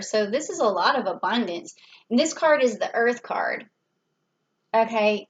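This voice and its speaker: A woman's voice: fairly high pitch, highs cut off, slight background noise. A woman giving a casual tarot reading, talking it through in a chatty way with fillers and small laughs. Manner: chatty, thinks aloud with fillers and little laughs. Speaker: tarot reader.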